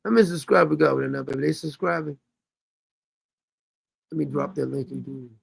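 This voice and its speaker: A man chats casually as host of a livestream, drifting from one thing to the next and laughing along the way. His voice is heavily gravelly and husky, and it sits somewhat high for a man. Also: brisk, no room sound. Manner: rambling, loose, laughs often. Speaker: show host.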